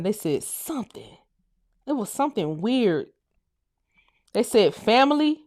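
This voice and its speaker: A woman with a Southern US accent hosting a casual livestream, ranting loudly, cursing and laughing as she talks. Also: on the high side, very animated, a little slow, pauses often. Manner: loud, profane and laughing. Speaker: livestream host.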